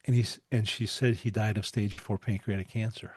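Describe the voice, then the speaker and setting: Husky, lowish, and darkish, this forty-something man's voice stays flat at a normal speed with hardly any pauses, recorded without room sound. Interviewed on a podcast, he spins lengthy stories, laughing frequently and repeating words as he gathers his thoughts.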